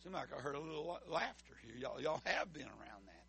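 A man's voice: a little high, very animated, a little fast, gravelly, pushed and bright, husky. A middle-aged man preaching a sermon as pastor, calling for responses from the congregation. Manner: emphatic call-and-response preaching.

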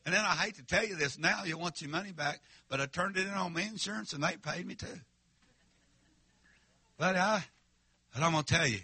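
A man preaching a revival sermon, telling a story in a folksy, emphatic way. His voice is very bright and a touch high. The sound is dry and close. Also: breathy edge, no echo. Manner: folksy, emphatic, calls out to the congregation.

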